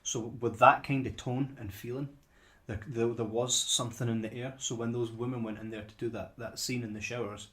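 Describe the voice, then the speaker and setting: A man's voice: medium pitch, steady tone, brisk, hardly any pauses, a bit bright. A man co-hosting a casual podcast about films, rambling and repeating words as he works his way to his point. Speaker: podcast co-host. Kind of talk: casual film discussion.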